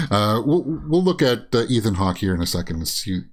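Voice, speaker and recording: A man's voice: fairly low pitch, very animated, fairly quick. A man hosting a casual movie news show, rambling through reactions with many fillers and frequent chuckles. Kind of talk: casual commentary while browsing and reading tweets.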